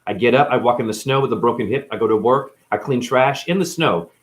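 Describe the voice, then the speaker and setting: A man's voice: medium pitch, fairly quick, slight background noise. Blunt, profane man ranting in pain. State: in chronic pain. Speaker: live-stream vlogger. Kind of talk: raw unscripted monologue.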